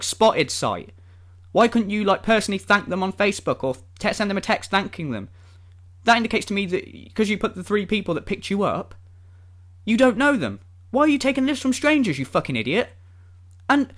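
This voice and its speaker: Animated, sweary vlogger ranting. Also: male voice, high voice. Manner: sarcastic, sweary, exasperated. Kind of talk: ranting commentary vlog.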